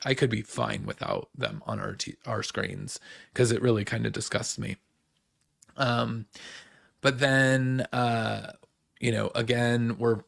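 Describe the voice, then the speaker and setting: A man's voice: mid-range voice, creaky, no echo, clean studio sound. A man hosting a casual reality TV recap, rambling with lots of fillers and acting out the cast's lines. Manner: animated, puts on the cast's voices in quotes. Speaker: host.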